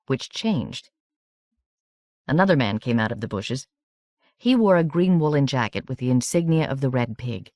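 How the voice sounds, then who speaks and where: A woman narrating a novel as an audiobook in a steady, measured reading. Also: extremely low pitch, no room sound, clean studio sound.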